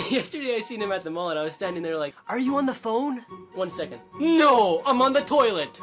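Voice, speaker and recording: A woman performing quick comedy skits, delivering deadpan punchlines. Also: medium pitch, soft background music. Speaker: skit comedian.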